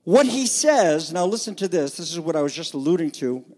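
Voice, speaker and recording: A man's voice: a little high, fast talker, darkish tone. A pastor delivering a conversational sermon with emphatic phrasing, explaining scripture to his congregation. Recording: long hall reverb.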